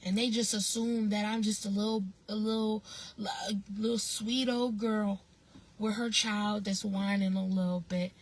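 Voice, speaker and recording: A woman's voice: medium pitch, flat delivery, unhurried, rough recording. A woman vlogger telling a story in a casual monologue, blunt and emphatic, swearing freely and repeating phrases for emphasis.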